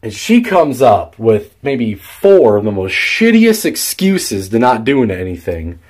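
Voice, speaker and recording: A man's voice: mid-range voice, big pitch swings, unhurried, a little mellow, breathy edge. A young man telling a story in a casual vlog, rambling with many fillers and restarts and swearing freely. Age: young adult. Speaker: vlogger.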